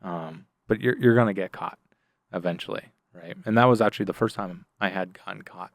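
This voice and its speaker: A middle-aged man with a deep voice speaks fairly quickly in clean, echo-free studio sound as a podcast guest. He tells war stories in casual interview talk, animatedly acting out the voices of the people he quotes, with plenty of fillers and restarts.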